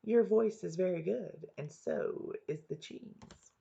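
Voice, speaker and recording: A woman voicing a sly, flattering male fox from a storybook, speaking slowly in a coaxing, sweet tone. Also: lowish voice, gravelly, breathy edge, full character voice. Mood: mocking. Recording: dull lo-fi recording.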